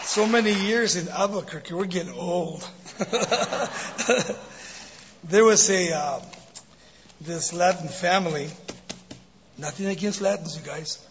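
A man in his sixties preaching as a guest speaker, telling a joke and then his life story, animated and laughing often. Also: sits high, slow, pauses often, a little hiss or hum. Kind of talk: sermon with jokes and testimony. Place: church sanctuary. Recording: dull recording in a big reverberant hall.

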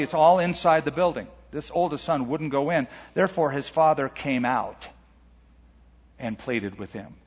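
A male pastor preaching a sermon in an earnest, emphatic way in a church auditorium. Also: medium pitch. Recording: echoey hall, dull lo-fi sound.

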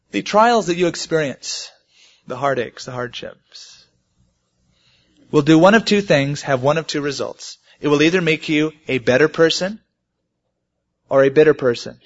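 A man preaching a sermon, telling stories and rising emphatically on the key points. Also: a little high. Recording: muffled lo-fi sermon recording.

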